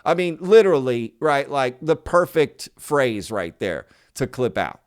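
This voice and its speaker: A man's voice: medium pitch, sing-song, unhurried, clean tone. A man hosting his own channel, talking casually to viewers in an emphatic, skeptical way and often repeating himself. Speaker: channel host.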